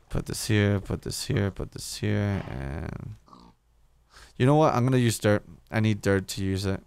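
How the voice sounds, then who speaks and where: A man's voice: on the low side, moderate pace, gravelly, darkish tone, a little hiss or hum. A young man commentating his own game play, talking to himself, swearing often and repeating words when he panics. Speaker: gaming YouTuber. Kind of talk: casual let's-play commentary.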